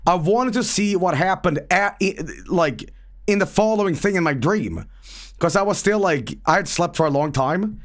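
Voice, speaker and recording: A man's voice: sits high, animated, normal speed. A man streaming a video game, rambling and profane about a dream and the game. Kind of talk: casual game stream commentary.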